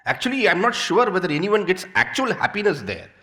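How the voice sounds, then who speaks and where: A man's voice: sits high, a little fast. A man with an Indian English accent giving a spiritual discourse, telling everyday stories with playful repetition. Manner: animated storytelling with playful repetition. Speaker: swami, spiritual teacher.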